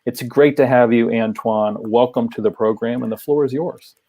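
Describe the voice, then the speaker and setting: A man opens an online speaker series, introducing the guest briskly and formally. His voice is mid-pitched and comes through a video call. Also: steady tone, mellow, lo-fi sound. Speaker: host. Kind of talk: event introduction.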